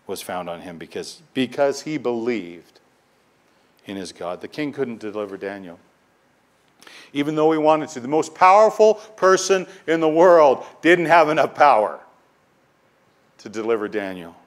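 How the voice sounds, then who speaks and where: A man's voice: medium pitch, big pitch swings, a little slow. A male pastor preaching a sermon, reading scripture aloud and stressing key words with swells of force, often repeating himself as he builds a point.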